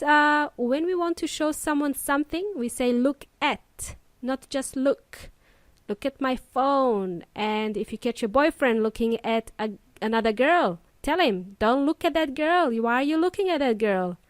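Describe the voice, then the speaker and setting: In a dry recording, a high-pitched female English teacher runs her laid-back lesson podcast, staying cheerful and joking around in between her explanations.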